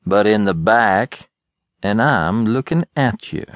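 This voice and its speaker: A man doing a slow, cool-drawling farmhand. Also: medium pitch, lively intonation, fairly bright tone, clean tone, dry recording, voice pushed up. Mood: menacing. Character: big stolid farmhand turned cool and dangerous. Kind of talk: audiobook character voice.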